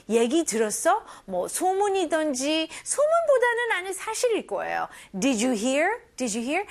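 A woman teaching English, her voice high and her intonation swooping widely. She is upbeat and expressive, moving back and forth between English and as she explains phrases and models them. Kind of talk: bilingual language lesson.

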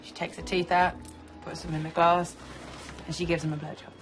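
An actress playing a playful young woman student who tells a bawdy joke in a lively way, in a film scene. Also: fairly low pitch, brisk, lightly acted. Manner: teasing, lively storyteller. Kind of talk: film dialogue. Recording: film scene with music behind.

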